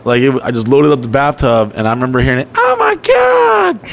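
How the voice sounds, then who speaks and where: A man's voice: mid-range voice, fairly even intonation, racing. A man casually telling long, profane stories on a podcast, laughing as he goes. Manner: profane, rambling, laughing storyteller. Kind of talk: casual storytelling chat.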